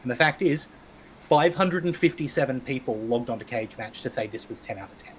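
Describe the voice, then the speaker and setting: A man's voice: mid-range voice, expressive, fairly quick, a bit bright. Australian man hosting, faint noise behind. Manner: steers the talk, reads out chat comments. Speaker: podcast co-host. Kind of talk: casual wrestling podcast chat.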